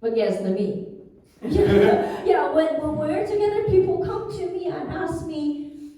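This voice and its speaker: High-voiced Chinese-accented woman doing stand-up. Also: slow pace. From China. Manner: animated storytelling with frequent laughter. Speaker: stand-up comedian. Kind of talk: stand-up comedy set. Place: live comedy venue. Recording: echoey room from far off.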